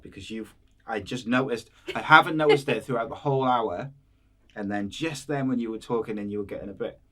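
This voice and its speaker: Male host, low husky voice, relaxed rambling delivery. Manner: relaxed, meandering, many "um"s. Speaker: podcast host. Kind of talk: casual interview chat.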